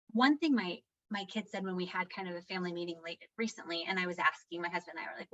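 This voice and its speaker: A woman's voice: lively intonation, fast talker, highs cut off. A middle-aged woman speaking as a guest on parenting, answering questions reflectively and acting out quoted lines. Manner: warm, reflective, acts out quotes with shifts in pitch.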